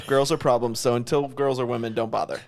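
Fast-talking opinionated podcast co-host man. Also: medium pitch, steady tone, vocal fry. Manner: opinionated, restarts words while thinking. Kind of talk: casual chat.

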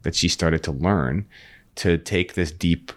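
In a casual podcast conversation, a guest with a low voice moves slowly through an animated, earnest story, often repeating words as he begins his thoughts over again.

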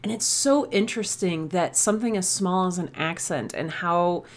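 A woman's voice: on the low side, moderate pace. A woman guest on a podcast over a video call, a writer talking about her craft in an enthusiastic, thoughtful way. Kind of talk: casual interview chat.

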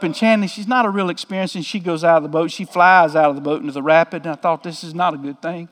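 A man's voice: high voice, fairly quick, a bit bright, long reverb tail. A man, a pastor telling a story in a folksy, joking sermon.

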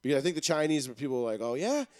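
A man's voice: mid-range voice, racing, clean tone. A man co-hosting a casual podcast with friends, laid-back and swearing freely. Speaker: podcast co-host. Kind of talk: casual banter among friends.

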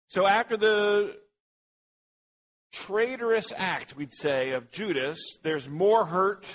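A man leading an interactive sermon in a church hall, reading scripture aloud and asking the group questions in a teasing, lively way. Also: a little high. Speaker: pastor leading Bible study. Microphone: handheld microphone.

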